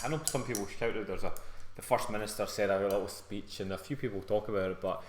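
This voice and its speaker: A man's voice: lowish voice, fairly even intonation, fast, noisy background. Jokey scottish guy reading out viewer comments on a live stream, echoey room. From Scotland. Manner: jokey, laughs often, reads viewer comments aloud. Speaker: fitness coach co-host. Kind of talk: casual live-stream chat. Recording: roomy echo.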